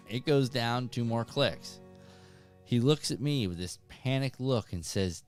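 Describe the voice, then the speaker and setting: A man's voice: mid-range voice, moderate pace, soft background music. A man in his thirties hosting a fishing channel, telling a story casually to viewers and acting out the people in it. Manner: animated, acts out voices in anecdotes.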